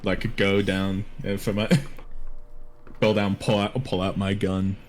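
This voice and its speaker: Lower-voiced stammering man player. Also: little pitch movement, takes it slowly, slight background noise. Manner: stammering, repeating himself. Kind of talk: casual table talk.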